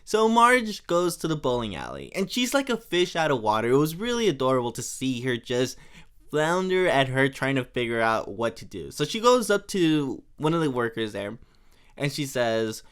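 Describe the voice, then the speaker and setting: A young man hosting a podcast, casually recapping an episode, chatty and laughing often, briefly acting out lines in quick voices. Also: mid-range voice, very animated, fairly bright tone, smooth. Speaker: podcast host.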